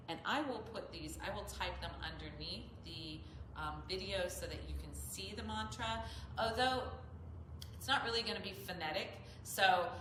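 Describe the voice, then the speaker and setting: A woman's voice: sits low, echoey room, background noise. A woman yoga teacher explaining chanting step by step in a patient manner. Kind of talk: instructional talk with chanting demonstration.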